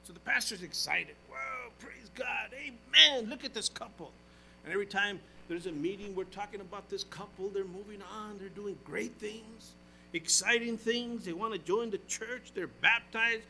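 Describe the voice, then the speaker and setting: An older man preaching a sermon as pastor, his voice swinging from loud exclamations down to quiet asides. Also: high-pitched, normal speed, slight background noise, rough recording.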